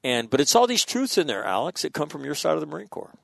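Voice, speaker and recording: A man hosting a podcast, telling stories in a casual, profane, animated way with frequent restarts. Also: fairly high pitch, fast talker, vocal fry, no echo.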